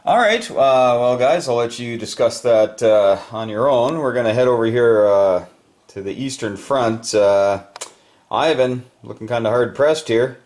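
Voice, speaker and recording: A man's voice: medium pitch, unhurried, darkish tone. A man hosting and commenting on a board game, upbeat and chatty as he hands over to each player. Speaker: host and game narrator.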